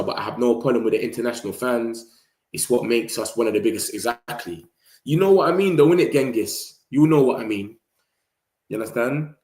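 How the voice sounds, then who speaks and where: A man's voice: lowish voice, roomy sound. A young man with a London accent chatting casually about football to his live audience, slangy and loose, now and then mimicking rival fans. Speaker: football fan channel host. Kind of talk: casual live-stream chat.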